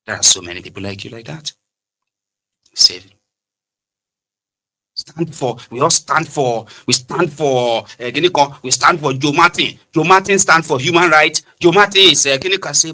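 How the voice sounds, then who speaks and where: A middle-aged Nigerian man with a Yoruba accent runs a political commentary monologue. His voice is bright and forceful, and his pitch sits in the middle range. He talks in an animated way, mixing Pidgin and Yoruba and acting out little exchanges. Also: moderate pace. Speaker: commentary show host.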